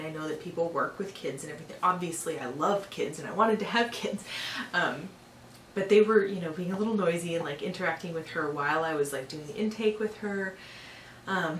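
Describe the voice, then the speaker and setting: A vlogger with a lowish, fairly bright voice chats through a personal story, using lots of fillers and sounding exasperated as she retells it. She's a bit far from the mic in an echoey room, with faint hiss.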